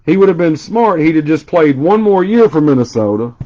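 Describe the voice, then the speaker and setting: A man's voice: fairly high pitch, very animated, brisk, dark tone, highs cut off. A man hosting a card break on a casual live stream. He chats and tells stories as he rattles off card names.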